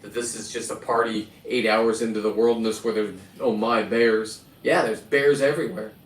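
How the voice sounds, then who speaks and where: A man's voice: fairly low pitch, fairly even intonation, normal speed. A middle-aged man rambling through a profane, boastful story as host of his own videos. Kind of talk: rambling casual monologue. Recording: echoey and distant with faint ambience.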